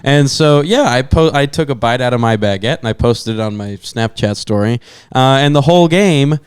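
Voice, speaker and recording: A man's voice: medium pitch, expressive, normal speed, clear, resonant tone, no room sound. A young man telling a long story to his podcast co-hosts, full of fillers and asides. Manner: rambling storyteller with many fillers. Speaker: podcast co-host. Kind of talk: casual chat.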